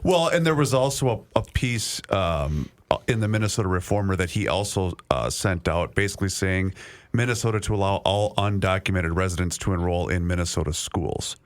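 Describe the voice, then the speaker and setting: A man's voice: low-pitched, lively intonation, brisk. A man co-hosting a talk show, reading out figures with dry sarcasm. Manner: reads figures out, dryly sarcastic. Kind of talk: casual chat.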